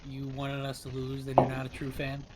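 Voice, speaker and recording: A man's voice: medium pitch, completely flat delivery, brisk. A man co-hosting a sports podcast, chiming in with dry, teasing remarks. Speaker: podcast co-host. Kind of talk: casual sports podcast banter. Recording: echoey room with crowd noise.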